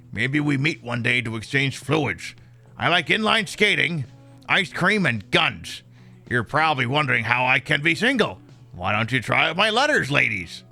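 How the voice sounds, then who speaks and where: A man's voice: a little high, creaky, pushed and bright, voice pushed up, full character voice. A man voicing a creepy, overeager young man writing to women, leering and proud of himself.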